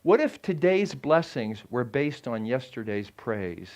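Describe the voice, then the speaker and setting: A man's voice: medium pitch, big pitch swings, unhurried, darkish tone. An older man giving a sermon as a guest preacher, talking in a conversational way and asking the congregation questions.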